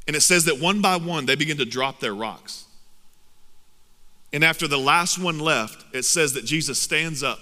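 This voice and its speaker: A man preaching a sermon as pastor, impassioned, moving between loud urging and hushed intensity. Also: on the high side, moderate pace. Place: church hall. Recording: long reverb of a large hall with music behind.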